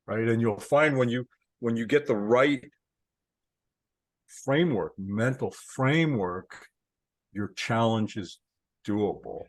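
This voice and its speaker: A man's voice: medium pitch, slow, pauses often, poor audio. A man giving a casual spiritual talk, telling stories in a conversational way and often repeating words as he gathers his thoughts. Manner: storytelling, conversational, repeats words while thinking. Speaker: spiritual teacher.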